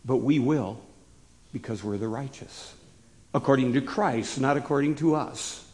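A hoarse man preaching a sermon as pastor, often putting questions to the listeners and stopping now and then to cough. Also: mid-range voice, unhurried, darkish tone.

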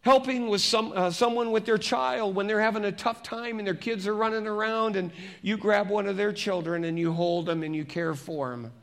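A man preaching as a pastor, reading scripture slowly and turning to the congregation with conversational questions. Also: high-pitched, a bit bright. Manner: reads scripture slowly and deliberately.

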